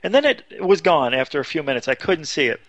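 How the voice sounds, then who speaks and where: A man telling a story casually as a radio show guest, animated, jumping his voice high when he quotes people. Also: quick pace, dry recording, highs cut off. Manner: animated, acts out quotes with sudden high pitch.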